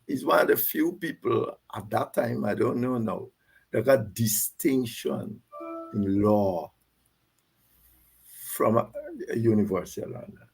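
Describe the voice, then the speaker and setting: Older man, Guyanese accent, husky, gravelly, animated storyteller, repeats himself. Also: mid-range voice. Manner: animated, repeats words, laughs mid-sentence. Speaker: guest. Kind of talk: storytelling recollection.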